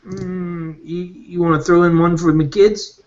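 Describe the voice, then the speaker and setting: A greedy, grumbling customs agent, as a man puts him on in a tabletop game. He haggles in a raised voice, higher than his usual speech. The recording is dull and lo-fi. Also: level tone, a little slow.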